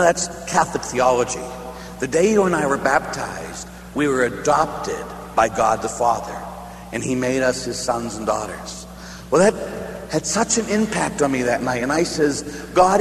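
Animated priest telling stories in an echoey hall. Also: male voice, a little high. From Pittsburgh area. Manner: animated storyteller, acts out voices, laughs at own jokes. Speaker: Catholic priest. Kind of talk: storytelling sermon. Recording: echoey hall with faint hum.

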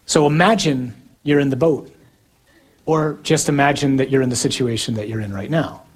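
A man preaching a sermon in an earnest, emphatic way, with slow, deliberate pauses between phrases. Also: mid-range voice, slightly rough.

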